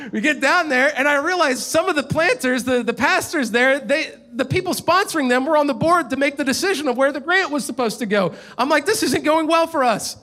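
A man in his thirties, a pastor preaching a sermon and telling a personal story with animated storytelling. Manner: storytelling, animated, rising in pitch when telling of frustration.

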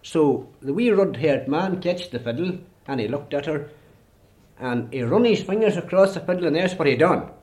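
A man's voice: fairly high pitch, expressive, moderate pace, warm tone. Donegal man telling a folktale. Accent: Irish (Donegal). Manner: rambling, repetitive "he says". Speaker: traditional storyteller. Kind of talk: folk storytelling.

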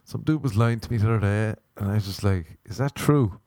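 Sweary young comedian with a low, dark voice. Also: male voice, steady tone, fast, dry recording. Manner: sweary, laughing, rambling storyteller. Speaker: stand-up comedian. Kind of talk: casual rambling monologue.

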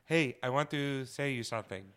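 Man, podcast co-host, bright tone, smooth clear voice, animated casual storytelling, profane. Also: mid-range voice, moderate pace. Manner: animated, swears often, laughs mid-story.

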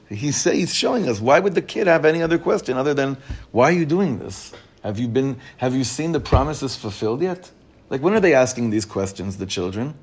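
A rabbi teaching his class, a man with a mid-range voice who reads a passage aloud and then unpacks it line by line. His pitch climbs as he reads out excited questions, then sinks low and quiet when he explains a word. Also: slightly rough. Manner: animated, pitch rising when reading children's excited questions. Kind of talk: Torah lesson.

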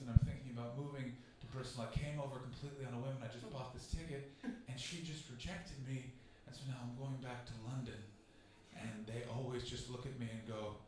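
A young Canadian man from Ontario hosting a live comedy podcast, rambling and self-mocking, breaking into shouted impressions. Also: fairly high pitch, recorded from a distance, noisy background. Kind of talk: live stand-up storytelling. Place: small black-box theatre with a live audience. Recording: echoey theatre from off-mic with crowd laughter.

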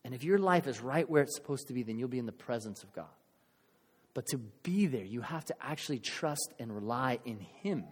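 A man's voice: mid-range voice, brisk, breathy edge. Man preaching in a reverberant hall. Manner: conversational, animated storytelling with acted-out crowd voices. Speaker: pastor. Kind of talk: sermon with storytelling. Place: church.

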